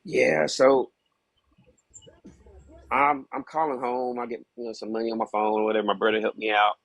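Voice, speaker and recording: A man's voice: medium pitch, level tone, normal speed, creaky, fairly bright tone, no room sound. A man guesting on a podcast, casually and candidly telling a hard personal story, peppered with "you know what I mean.".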